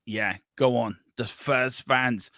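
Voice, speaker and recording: A man hosting a football watchalong, calling the play live with excitable banter. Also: medium pitch, takes it slowly, dry recording, studio quality. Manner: excitable, running commentary with banter. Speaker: watchalong host.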